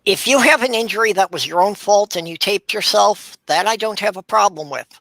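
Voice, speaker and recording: Earnest guy, bright voice kinda high, dry close sound. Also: brisk, creaky, dry recording, low-quality recording. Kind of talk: casual chat.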